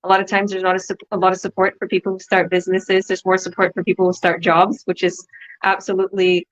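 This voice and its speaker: A woman's voice: on the low side, monotone, quick pace, lo-fi sound. A woman business coach hosting a motivational online talk, upbeat and preachy, often repeating herself.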